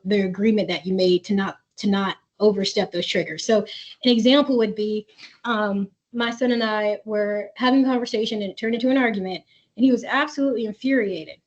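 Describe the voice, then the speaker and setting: Woman, therapist host of a parent webinar, slightly high voice, earnest and chatty, muffled video-call audio. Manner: warm, earnest, conversational, reads chat comments aloud. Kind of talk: webinar presentation with chat reading.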